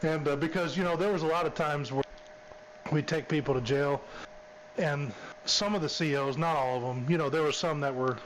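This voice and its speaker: A man's voice: a little high, normal speed, slight background noise, poor audio. A man, a former police officer, casually telling a story, drawling and repeating "I said" and "she's like".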